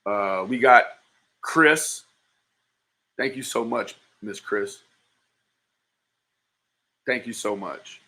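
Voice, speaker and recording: A man's voice: fairly low pitch, drawn-out words, pauses often, bright, forceful tone. A man hosting a livestream, reacting to a played clip with profane, mocking insults and thanking his viewers. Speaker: livestream commentator.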